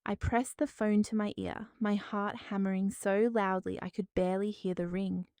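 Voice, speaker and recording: Woman narrator, dramatic story reading, mellow smooth voice, dry close sound. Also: mid-range voice, level tone, normal speed, no echo. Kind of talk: scripted first-person drama narration.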